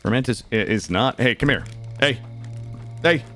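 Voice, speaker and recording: A man's voice: mid-range voice, lively intonation, normal speed, fairly bright tone, soft background music. An American man with a cold, chatting casually with viewers while streaming a game, rambling and restarting his sentences. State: has a cold. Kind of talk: casual gaming stream chat.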